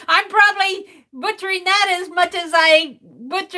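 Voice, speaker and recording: This is a middle-aged woman artist on a casual livestream, her very high voice bright and forceful as she takes things slowly. Laughter comes often while she works, and she sounds out chat messages one letter at a time.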